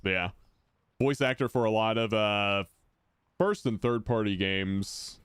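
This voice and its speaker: A man with a deep voice chatting casually and rambling while he streams a game. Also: slow pace, a bit bright, clean tone, no echo. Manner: rambling, self-correcting, laid-back. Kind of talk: casual chat while gaming.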